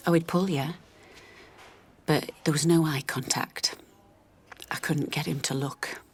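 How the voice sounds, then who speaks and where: An actress playing a worn-down, loving mother of an autistic boy, speaking in a halting, confessional way that often drops to a near whisper. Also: sits low, steady tone, breathy edge, exaggerated voice. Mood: reflective. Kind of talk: radio drama monologue.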